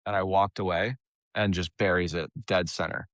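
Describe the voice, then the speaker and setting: A young man, a caddie, telling a story as a guest in a casual podcast interview, animated and laughing often, restarting his phrases. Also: deep voice, moderate pace, no room sound, clean studio sound. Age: young adult.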